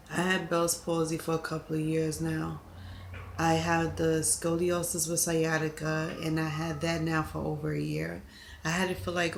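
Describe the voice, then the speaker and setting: A woman talking through a personal confessional vlog, upset and halting, often repeating herself. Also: sits low, creaky, a little hiss or hum. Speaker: vlogger.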